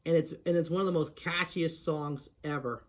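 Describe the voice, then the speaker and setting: A man casually explaining how to do a voice impression, rambling, halting and eager, with many restarts. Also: fairly high pitch, steady tone. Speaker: host of an impression tutorial. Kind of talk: casual tutorial talk.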